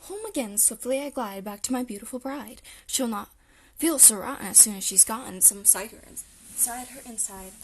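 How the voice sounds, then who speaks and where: A woman's voice: on the high side, slightly rough. A woman voicing a clever, cheerful male fox in a storybook reading. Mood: singing. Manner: brisk, cheerful.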